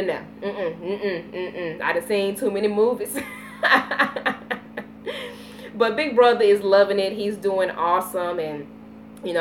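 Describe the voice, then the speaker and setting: A woman in her thirties with a Southern US accent, chatting casually on a live vlog, telling stories with lively baby talk. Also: medium pitch, slight background noise. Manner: animated storytelling with playful baby talk. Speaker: vlogger.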